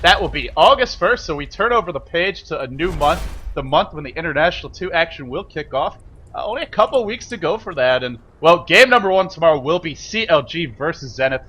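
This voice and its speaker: A man casting a live esports match, excitable and quick to shout and laugh. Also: fairly high pitch, slightly rough, highs cut off. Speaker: esports caster.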